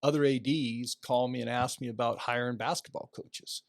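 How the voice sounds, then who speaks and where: Older man telling lively stories, dry studio sound. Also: medium pitch, moderate pace, no echo. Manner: animated anecdotes, acts out quoted voices. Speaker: guest, retiring athletic director. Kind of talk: casual storytelling interview.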